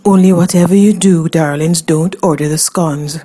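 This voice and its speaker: A man's voice: a little high, steady tone, normal speed, warm tone, a little hiss or hum, natural voice. A woman voicing a flamboyant, teasing male cafe cook in drag, with a sing-song, flirtatious manner. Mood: camp teasing.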